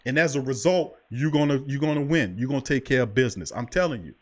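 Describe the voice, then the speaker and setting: Talking fast in a medium-pitched voice, this man hosts a sports talk podcast with impassioned, preachy emphasis. He keeps repeating "I'm telling you" to drive his points home.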